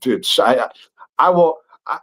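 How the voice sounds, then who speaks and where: A man co-hosting a casual podcast, talking haltingly with many restarts. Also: mid-range voice, lively intonation, fairly bright tone.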